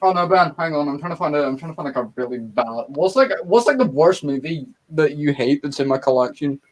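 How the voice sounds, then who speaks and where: Man, casual movie chat, rambling, stammers, swears, slightly high pitch. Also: expressive, fairly quick.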